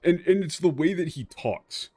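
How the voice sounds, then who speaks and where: A man streaming a game, talking casually and ranting in an animated way with frequent restarts. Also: a little high, moderate pace, breathy edge, dry recording, soft background music. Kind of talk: casual commentary while playing.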